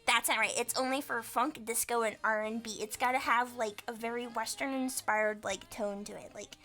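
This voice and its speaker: Hyper woman streamer, high bright voice, swears a lot, laughs constantly. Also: fairly even intonation, normal speed, soft background music. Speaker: streamer host. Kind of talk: casual stream chat.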